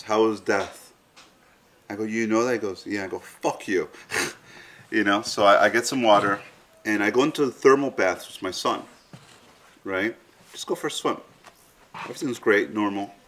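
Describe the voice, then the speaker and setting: A man's voice: fairly low pitch, brisk, fairly bright tone. A man in an interview recounting a personal experience frankly, swearing freely and telling it vividly. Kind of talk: candid storytelling in an interview.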